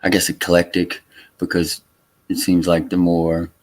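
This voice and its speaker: A man from Louisiana hosting a casual livestream chat, talking in a halting way with many fillers and restarts. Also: deep voice, monotone. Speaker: livestream host. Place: Texas home.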